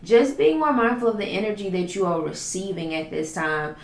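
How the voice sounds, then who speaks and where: A woman's voice: medium pitch, expressive, brisk, roomy sound. A woman giving a spiritual tarot reading in a flowing, repetitive, affirming way, stacking up lists of phrases. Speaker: tarot reader.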